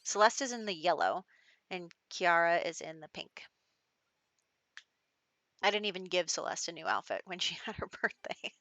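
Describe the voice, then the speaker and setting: With a lowish voice, lively intonation, and a sharp tone, a woman comments on a life-sim game at normal speed, pausing often. She's chatty, laughs frequently, and speaks for characters in passing. There's no room sound.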